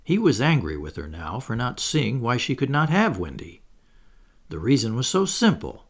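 A man reads a children's story aloud as an audiobook narrator, adding wry asides to the listener in this scripted narration. His mid-range voice is sing-song, at a moderate pace.

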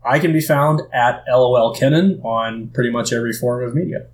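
A man's voice: medium pitch, fairly quick. A man co-hosting a podcast in casual, joking chat and plugging the show. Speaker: podcast co-host.

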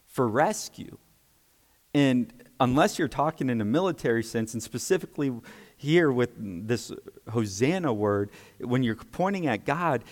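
A man's voice: medium pitch, big-room sound. A man preaching a sermon, explaining scripture emphatically and checking in with his listeners.

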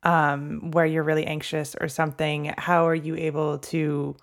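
A woman interviewing a guest, asking hesitant, halting questions. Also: low voice, little pitch movement.

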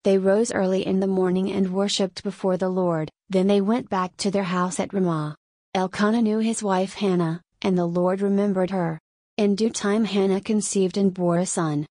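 A woman reading a scripture passage aloud in a measured, even way for a church service. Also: medium pitch, no echo, studio quality. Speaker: scripture reader.

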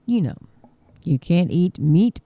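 A woman's voice: lowish voice, expressive, slow, dark tone, no room sound. A woman hosting her own online channel, reading a news article aloud in casual commentary, with frequent ums, restarts and indignant asides. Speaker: online video host.

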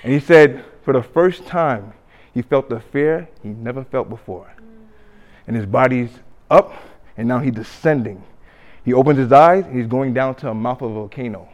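A man preaching a sermon, telling a story with acted-out quotes and swings between loud and hushed delivery. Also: mid-range voice, moderate pace. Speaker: pastor.

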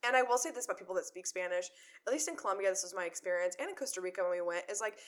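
A woman's voice: on the low side, rapid-fire. A young woman in casual conversation, telling stories full of "like" fillers and acted-out quotes. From Chicago area. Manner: chatty storyteller, many "like" fillers, acts out quotes. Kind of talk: casual chat.

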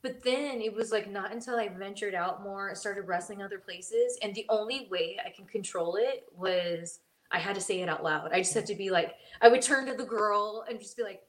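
A woman, a former wrestler and podcast co-host, telling stories in a casual chat, lively and acting out the voices of the people she quotes. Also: moderate pace. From Mexican heritage. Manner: animated, acts out quoted voices with big pitch jumps.

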